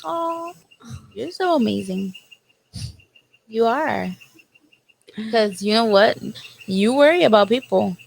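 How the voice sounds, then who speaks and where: A woman's voice: on the high side, lively intonation, takes it slowly, vocal fry, pauses often, a little hiss or hum. A young woman with a Puerto Rican accent chatting playfully with her sister, dreamy in tone, slipping into Spanish phrases. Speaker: co-host. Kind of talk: casual chat between sisters.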